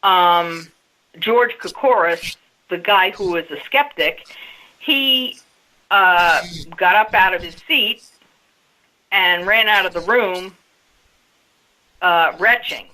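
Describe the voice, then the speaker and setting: A woman's voice: fairly low pitch, slow pace, long pauses, bright, forceful tone, rough recording. A woman guest on a radio interview, telling a story step by step in a casual way. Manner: storytelling, recounting events step by step.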